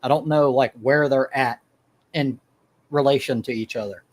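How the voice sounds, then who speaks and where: Mid-pitched male streamer, loose and profane chat. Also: moderate pace. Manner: casual, swears freely. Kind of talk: casual livestream chat.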